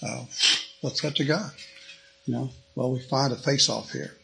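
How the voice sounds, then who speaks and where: A man's voice: medium pitch, normal speed, creaky, a bit bright, slight background noise, poor audio. A man giving a folksy, conversational Bible teaching, reading scripture aloud. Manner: folksy, reads scripture aloud in King James wording.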